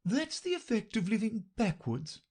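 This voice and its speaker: A woman reading an audiobook, voicing a flustered, untidy, melancholy queen in a high, plaintive voice. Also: sing-song, unhurried, darkish tone, breathy edge, full character voice.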